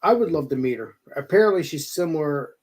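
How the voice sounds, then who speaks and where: Halting man hosting a podcast. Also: on the high side, animated, a little mellow. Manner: halting, restarts, brief backchannel replies. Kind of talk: casual podcast chat.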